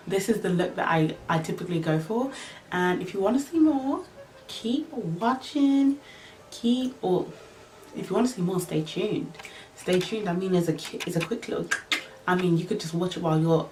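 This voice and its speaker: A woman's voice: fairly low pitch, a little mellow, a little hiss or hum. A young adult woman chatting casually through a makeup tutorial in a playful, joking way, coining silly words as she goes. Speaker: beauty vlogger. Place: indoors at home under studio lights.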